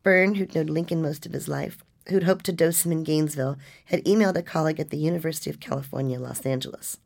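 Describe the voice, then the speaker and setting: A woman reading a nonfiction story as narrator, with a measured, restrained delivery. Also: deep voice, gravelly.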